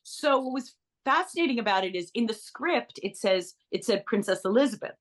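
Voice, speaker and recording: A middle-aged actress, a guest in an interview, tells anecdotes in a chatty, animated manner, frequently restarting sentences and tossing in asides. Her voice is on the high side and brisk.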